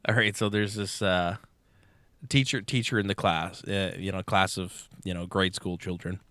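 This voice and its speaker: A man's voice: deep voice, steady tone, normal speed, pushed and bright, clear, resonant tone, no room sound. A young man co-hosting a podcast, telling a long crude joke casually, swearing often and acting out the characters. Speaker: podcast co-host.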